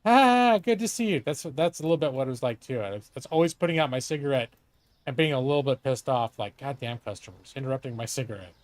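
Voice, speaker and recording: Lively, chatty middle-aged man. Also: a little high, quick pace, no room sound. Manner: chatty, profane, talks to himself and a co-host. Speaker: streamer. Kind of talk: live gameplay commentary.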